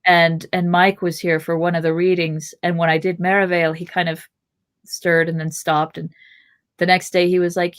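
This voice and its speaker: A woman's voice: on the low side, normal speed. Woman narrating a fantasy novel aloud. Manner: expressive narration, chatty asides. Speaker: podcast host and reader. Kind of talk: reading a novel aloud with asides.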